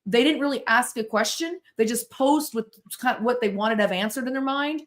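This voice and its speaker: A middle-aged woman from the United States, a podcast guest telling stories in an animated, self-interrupting way. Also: fairly high pitch, fairly quick. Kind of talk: casual storytelling interview.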